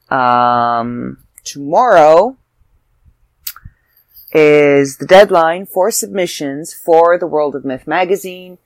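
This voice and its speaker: A woman's voice: sits low, no echo. A woman, hosting her own podcast as an author, chatty and self-deprecating, sounding tired. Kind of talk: casual solo podcast chat.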